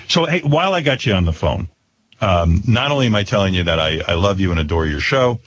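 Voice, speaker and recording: A man hosting a radio interview on the phone, flattering and teasing his guest. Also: low voice, fairly quick, highs cut off. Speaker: radio host.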